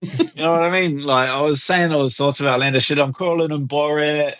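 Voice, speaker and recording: Brash, high-voiced man telling crude stories. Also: brisk, no room sound. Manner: crude, animated storytelling with lots of swearing and laughs. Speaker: guest fighter. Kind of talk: casual podcast interview.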